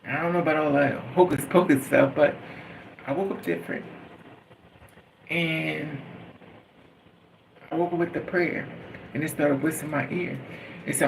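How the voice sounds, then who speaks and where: Earnest man, gravelly, far from the mic. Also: fairly high pitch, steady tone, a little fast. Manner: earnest, rambling, repeats phrases like a chant. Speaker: vlogger. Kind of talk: casual spiritual monologue. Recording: noisy, from a distance.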